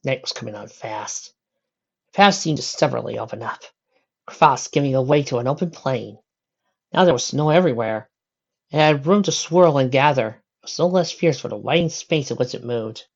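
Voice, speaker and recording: Female narrator, low and expressive, fan audiobook; dull lo-fi recording. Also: normal speed, vocal fry. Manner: steady descriptive narration with occasional slips. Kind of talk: fan fiction audiobook reading.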